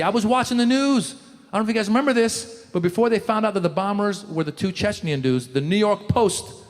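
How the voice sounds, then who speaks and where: A man doing a stand-up comedy set, animated, slipping into loud impressions of the people in his jokes. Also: sits high, a little hiss or hum. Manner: animated, jumps into shouted impressions. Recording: live show in a large hall.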